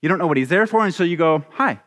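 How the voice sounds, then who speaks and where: A man preaching a sermon as a pastor, animated and acting out little scenes with voices. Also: fairly high pitch, rapid-fire, in a large hall.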